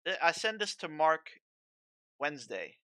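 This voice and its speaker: A man's voice: fairly high pitch, big pitch swings, unhurried, pushed and bright. A young man streaming games at home, ranting to his chat in a restless, profane way and often trailing off to restart. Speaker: game streamer.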